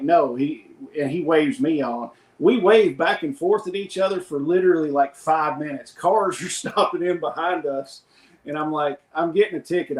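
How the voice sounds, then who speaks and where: A man's voice: a little high, reverberant, poor audio. A middle-aged man co-hosting a podcast, telling rambling anecdotes in casual chat and quoting others in his plain voice. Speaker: podcast co-host.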